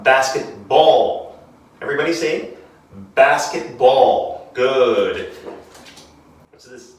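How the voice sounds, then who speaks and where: A man teaching English vocabulary to children, demonstrating a lesson and drilling words slowly and clearly. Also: mid-range voice, a bit bright, far from the mic. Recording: very echoey room, off-mic.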